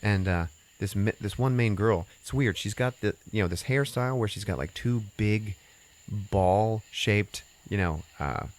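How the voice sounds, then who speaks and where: A man's voice: lowish voice, unhurried. A man hosting a podcast, casually recapping a movie plot in a rambling way, full of "you know" and "uh" and loose swearing. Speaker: podcast host.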